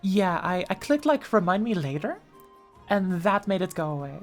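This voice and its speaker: A woman's voice: lowish voice, big pitch swings, moderate pace. Chatty woman streamer with faint music. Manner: chatty, reads chat aloud, many fillers and restarts. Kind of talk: casual live-stream chat. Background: faint background music.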